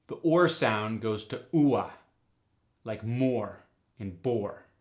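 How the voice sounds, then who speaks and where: A man's voice: fairly low pitch, lively intonation, slow pace, darkish tone. A middle-aged man giving a step-by-step accent lesson, explaining methodically with examples. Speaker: accent coach. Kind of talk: instructional explanation.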